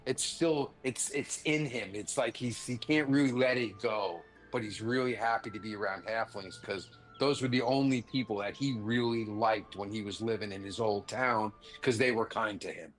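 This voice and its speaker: A man with a low voice explaining his character at a tabletop game. He pauses and thinks aloud as he goes. Quiet music plays behind. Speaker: player. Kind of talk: tabletop role-play.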